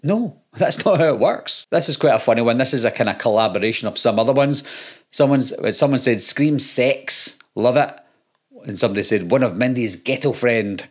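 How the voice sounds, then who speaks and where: A man's voice: medium pitch, brisk. A Scottish man and YouTuber, reading out comments in casual talk with dry, sarcastic comebacks. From Scotland.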